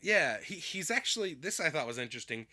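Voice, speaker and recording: A man's voice: on the high side, very animated, fairly quick, pushed and bright. A man co-hosting a casual podcast chat, rambling with many fillers and restarts and laughing often. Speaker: podcast co-host.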